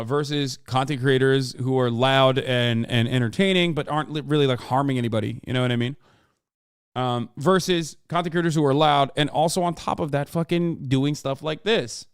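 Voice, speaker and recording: Smooth-voiced man ranting on a live stream. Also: medium pitch, a little fast, dry recording, clean studio sound. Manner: profane, emphatic ranting with many fillers. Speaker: streamer reacting to a clip. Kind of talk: casual live-stream commentary.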